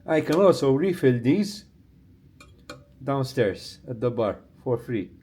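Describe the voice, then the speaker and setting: A Maltese-accented man gives a casual vlog tour of a hotel room, talking easily into a handheld camera at a middle pitch. He rambles in a friendly way and pauses on little fillers as he goes. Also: slight background noise. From Malta. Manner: chatty, relaxed, thinks aloud with fillers. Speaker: travel vlogger.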